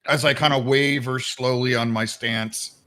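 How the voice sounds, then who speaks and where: A man playing a tabletop game, describing his character's actions in an animated, rambling way. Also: mid-range voice, unhurried. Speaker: player. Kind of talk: tabletop game role-play.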